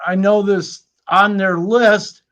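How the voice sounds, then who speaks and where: A man from Wyoming with a high voice for a man, chatting on a live stream. He drawls through his stories in a relaxed, unhurried way. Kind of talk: casual chat.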